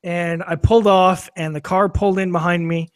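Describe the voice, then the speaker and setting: A man's voice: sits high, fairly even intonation, moderate pace, no echo, clean studio sound. A man telling a long anecdote on a casual podcast, with lots of fillers, restarts and swearing, laughing as he goes. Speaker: podcast guest or co-host. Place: studio filmed for video.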